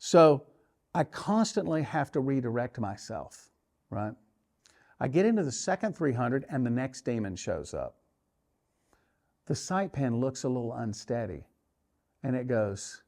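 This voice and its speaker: A man's voice: mid-range voice, a little slow, long pauses. Man coaching archery through a story. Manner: animated storytelling, acts out his inner voice. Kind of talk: tournament story and coaching talk.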